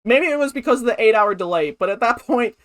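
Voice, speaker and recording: Woman vlogger, slightly high-pitched, giggly and incredulous, rambling reaction commentary. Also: animated, quick pace.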